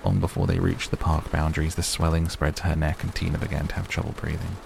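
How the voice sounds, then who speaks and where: A man with a very low, gravelly voice narrates an audiobook in a steady, even reading. There is clear noise in the recording. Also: quick pace. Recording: noisy recording.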